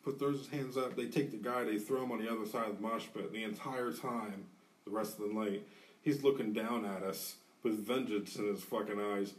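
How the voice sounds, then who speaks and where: Male podcast co-host, animated profane storyteller, set back from the mic in a studio. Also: on the low side, normal speed, recorded from a distance. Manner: animated, profane, acts out quotes. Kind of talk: casual storytelling.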